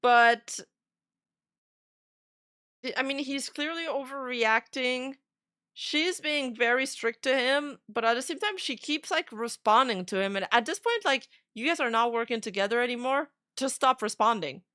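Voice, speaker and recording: A woman talks through online drama in a loose, opinionated way, reading messages aloud and chiming in with blunt takes. Her voice is bright and forward at a middle pitch. The sound is close and dry. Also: moderate pace, no echo. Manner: opinionated, chatty, with frequent fillers. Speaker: VTuber commentator.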